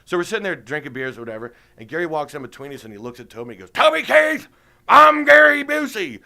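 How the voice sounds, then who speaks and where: A man, a stand-up comedian, chatting in an interview and telling animated stories with frequent laughs. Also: mid-range voice, racing. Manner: animated storyteller, laughs often. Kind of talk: casual interview chat.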